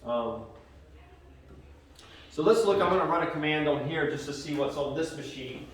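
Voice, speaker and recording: A man's voice: on the high side, normal speed, a bit bright. A male computer science teacher giving a casual, conversational classroom lecture with many fillers. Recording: echoey classroom from far off.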